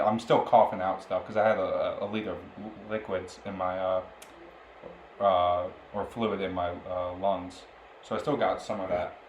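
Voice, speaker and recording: A young man co-hosting a podcast, telling a story in casual chat and laughing often along the way. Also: sits low. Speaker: podcast co-host. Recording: roomy, with faint background noise.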